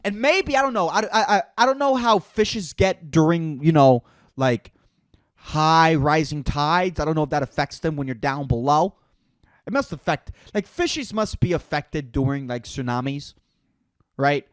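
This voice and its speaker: A man's voice: on the high side, expressive, a little slow, dry recording, studio quality. A man hosting a podcast alone, ranting in a profane, exasperated and rambling way. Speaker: podcast host. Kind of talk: solo rant.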